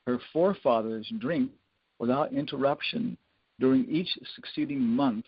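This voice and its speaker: A husky, mid-range male voice leads a scripture lecture at moderate speed, wandering through anecdotes full of fillers and small chuckles. The recording is dry and lo-fi with a dull quality and no room sound.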